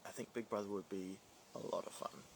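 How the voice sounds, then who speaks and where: Kiwi man with a faint British twang, casual livestream Q&A, gravelly tone, faint hiss behind. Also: on the low side, steady tone, fairly quick. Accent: New Zealand with a slight British twang. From New Zealand. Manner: chatty, playful, scattered, reads comments aloud. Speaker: drag performer reading live comments.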